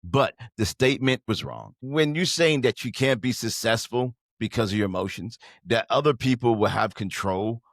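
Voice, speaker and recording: A man's voice: mid-range voice, expressive, moderate pace, hardly any pauses, fairly bright tone, dry recording, clean studio sound. A man hosting a podcast, giving a motivational business talk in an emphatic, preachy way and addressing listeners directly. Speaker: podcast host.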